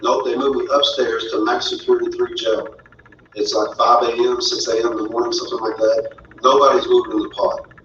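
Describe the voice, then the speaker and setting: A man's voice: medium pitch, flat delivery, a little fast, a bit bright, a little hiss or hum. A man telling his own story as a father, earnest and indignant. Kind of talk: personal storytelling. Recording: roomy, distant, dull audio.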